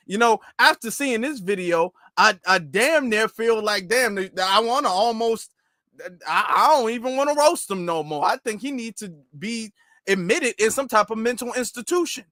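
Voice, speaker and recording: A man's voice: sits high, sharp tone, no echo, studio quality. A man hosting a political commentary channel, talking casually and emphatically to his viewers. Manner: conversational, emphatic, addresses viewers as y'all.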